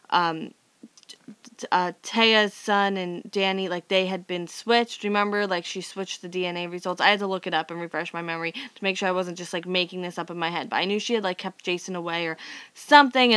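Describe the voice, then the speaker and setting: In a clean recording with no room echo, a woman in her twenties talks to camera, recapping a soap opera. Her mid-range voice is pushed and bright as she rambles sarcastically, full of "like" and exasperated asides.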